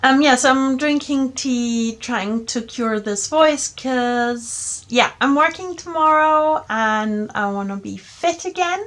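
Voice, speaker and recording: A woman hosting a casual crafting podcast from home, with a croaky voice from a sore throat, chatty and self-deprecating, laughing often. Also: high voice, takes it slowly, few pauses, a bit bright. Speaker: podcast host. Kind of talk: casual knitting podcast chat. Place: home, table with projects, cats around.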